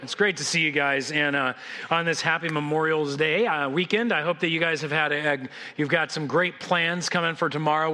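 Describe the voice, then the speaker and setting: A man's voice: high-pitched, sharp tone, in a large hall. A man preaching a sermon as senior pastor to a church congregation. He talks in a conversational, joking way, with frequent restarts. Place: church sanctuary.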